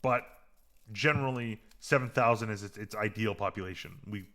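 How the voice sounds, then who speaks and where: Bright-voiced man ranting casually on a podcast. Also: lowish voice, brisk. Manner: rambling, filler-heavy, gets heated and animated. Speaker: podcast co-host. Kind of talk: casual chat recapping a TV episode.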